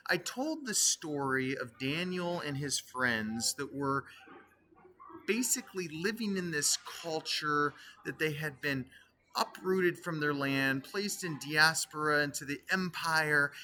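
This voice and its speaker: A middle-aged man lectures on theology with a bright, forceful voice. He tells a personal story with animation and keeps turning to his students with questions. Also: a little high. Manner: animated, asks the listeners questions. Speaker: theology teacher.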